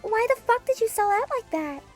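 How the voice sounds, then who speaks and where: A woman's voice: very high voice, lively intonation, normal speed, soft background music. A woman voicing a sentient space probe in anime-girl form, childlike and chaotic, with babyish cutesy talk that flips to blunt swearing, in a comedy audio drama. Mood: indignant fan.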